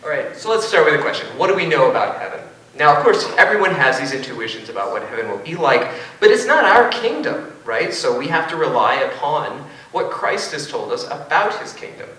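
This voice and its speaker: A man with a bright, forceful voice gives a lecture-style debate talk, wry and full of joking asides. He is picked up from a distance in a big auditorium, and his words ring with heavy echo. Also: on the high side, very animated, fairly quick, hardly any pauses. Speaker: philosophy professor. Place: large auditorium. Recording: echoey auditorium from far off.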